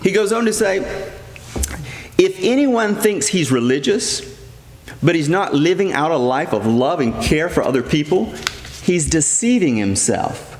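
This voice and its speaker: A man's voice: on the high side, lively intonation, a little slow. A middle-aged man preaching a sermon as a priest, earnest and emphatic, repeating key phrases. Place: church. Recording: echoey church hall with long reverb.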